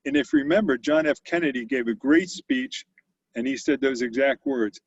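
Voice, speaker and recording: Speaking briskly, a gravelly, middle-pitched older man who founded a company tells business stories as a guest in a storytelling interview, acting out quotes in the voices of those he mentions. There's no echo, and the dry recording sounds dull and lo-fi.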